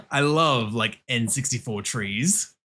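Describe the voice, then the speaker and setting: A man streaming a game and chatting casually, excitable, laughing a lot and swearing often. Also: mid-range voice, slow. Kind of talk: casual livestream chat while gaming.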